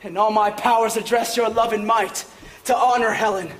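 A man's voice: high-pitched, steady tone, moderate pace, fairly bright tone. A man playing an ardent, impassioned young lover in a Shakespeare reading, declaiming the verse.

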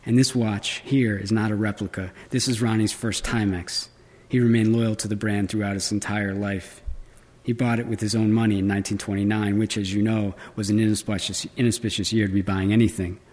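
A man's voice: lowish voice, little pitch movement, brisk, a little mellow, lightly acted. A man reading aloud and voicing a gushing, piercing-voiced older woman tour guide who can turn stern. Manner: piercing, gushing, growls when crossed.

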